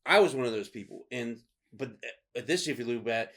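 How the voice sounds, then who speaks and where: A man casually telling stories on a podcast, swearing freely, laughing and acting out quotes loudly. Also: mid-range voice, animated, brisk. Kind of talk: casual storytelling chat.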